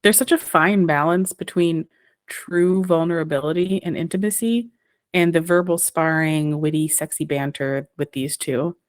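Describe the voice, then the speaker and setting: A woman's voice: sits low, steady tone, moderate pace, no room sound, clean studio sound. A woman co-hosting a podcast, chatting casually and analyzing with enthusiasm. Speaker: podcast co-host.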